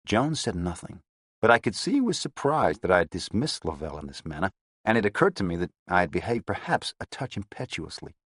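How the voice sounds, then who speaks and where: A man reading an audiobook in a steady, descriptive first-person narration. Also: low voice, brisk, breathy edge, no room sound, clean studio sound.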